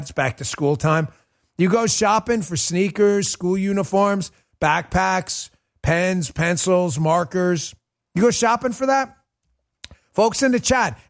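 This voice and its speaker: A man hosting a livestreamed political commentary show, ranting in an emphatic, sarcastic way. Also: high-pitched. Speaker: political talk show host.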